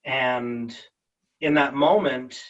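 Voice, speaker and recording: A man's voice: mid-range voice, extremely slow, a bit bright, distant mic, dull audio. A man, a voice actor guest, telling stories animatedly in a casual interview over a video call and slipping into character voices.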